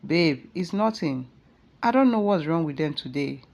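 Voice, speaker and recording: A woman's voice: sits low, animated, normal speed, a little mellow, dull audio. A woman with a Nigerian accent voicing a scheming, cruel young mother who hisses and scolds, then turns falsely sweet, in a storybook tale. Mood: fake sweet. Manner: switches from scolding to syrupy sweet.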